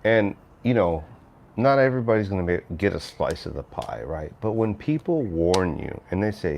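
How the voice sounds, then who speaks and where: A man's voice: deep voice, big pitch swings, normal speed, vocal fry, darkish tone. A middle-aged man rambling casually on a livestream, reading chat messages aloud and answering viewers. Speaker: livestream host.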